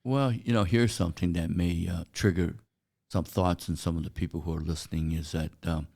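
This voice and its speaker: An older man, a native Chinese speaker who grew up in China, telling stories as a guest in a casual interview. He talks in a halting way, with many "uh" fillers. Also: low-pitched, steady tone, creaky, warm tone. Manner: halting, anecdotal, frequent "uh" fillers.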